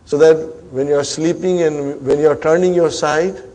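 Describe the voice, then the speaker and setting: A man teaching an Arabic grammar class, coaxing students along, drilling terms slowly and checking they follow. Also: a little high, steady tone, warm tone. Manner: coaxing, repeats "huh?" and "are you with me" to check students.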